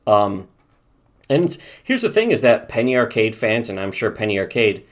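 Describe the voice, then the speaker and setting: Low-voiced ranting man. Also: big pitch swings, normal speed. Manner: profane, ranting, reads from notes. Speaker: podcast co-host. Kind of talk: casual commentary chat.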